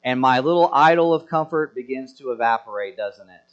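A lively pastor preaching, slightly muffled recording. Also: male voice, mid-range voice, fairly quick. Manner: animated, self-deprecating, acts out quoted grumbling. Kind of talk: sermon. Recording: slightly dull lo-fi sound.

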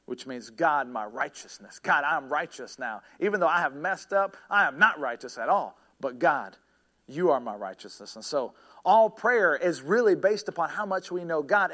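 A man preaches a sermon in an earnest, searching way, pausing often, restarting phrases and filling gaps with small fillers. His voice sits a little high for a man. When he tells a story it sometimes climbs to a shout. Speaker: pastor.

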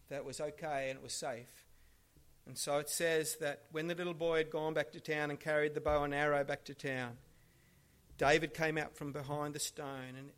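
Animated male preacher telling a story. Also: a little high. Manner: animated storytelling, swings between hushed and loud. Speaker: pastor. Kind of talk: sermon.

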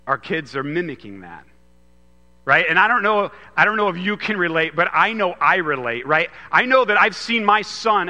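A man's voice: sits high, sharp tone. A man preaching a sermon on a Father's Day morning, in a loose, conversational way with frequent restarts. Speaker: pastor. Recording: long hall reverb.

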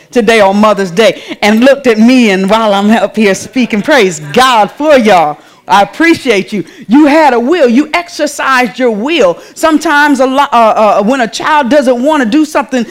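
A woman, preaching a sermon in a church in a conversational way, calling out to the congregation. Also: a little high.

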